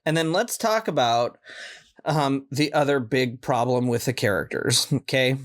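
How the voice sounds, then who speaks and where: A man co-hosting a podcast, giving a casual film review in a blunt, exasperated way with quick asides. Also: medium pitch. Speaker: podcast co-host.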